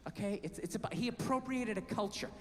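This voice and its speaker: A man voicing an exasperated wife arguing with her husband, sharp and insistent. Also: mid-range voice, fast, big-room sound, slight background noise, voice pushed down, close to an everyday voice.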